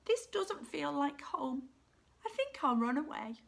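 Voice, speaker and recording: A woman voicing a gentle, timid young tyrannosaurus boy in a storybook. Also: medium pitch, huge pitch swings, a little slow, full character voice. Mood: plaintive.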